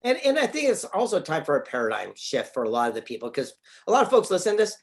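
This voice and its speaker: A man in his fifties from California, a guest telling lively stories and acting out quoted lines. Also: fairly high pitch, fast talker. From San Diego, California. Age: 50s. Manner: animated, acts out quoted dialogue. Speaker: podcast guest, author. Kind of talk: casual storytelling interview.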